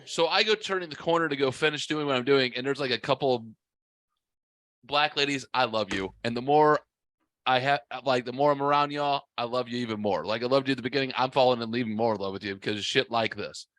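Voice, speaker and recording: Forties guy, podcast host, loud and profane storyteller, bright edge, dry close mic. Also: mid-range voice, fast talker, dry recording. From half white, half Mexican heritage. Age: 40s. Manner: profane, blunt, animated storytelling. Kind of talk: casual storytelling.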